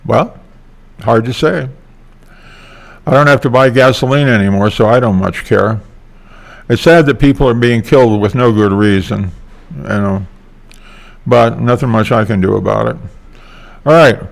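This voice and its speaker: A man's voice: mid-range voice, normal speed, gravelly, long pauses. An older man talking in a casual vlog monologue, meandering and hesitant with many fillers. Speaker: vlogger.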